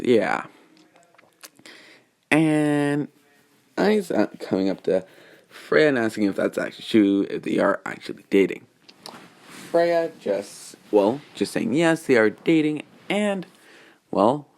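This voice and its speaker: Casual male storyteller with a gravelly, lowish voice; loose, rambling retelling full of restarts. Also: darkish tone. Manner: meandering, full of restarts and filler phrases. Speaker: fan fiction storyteller.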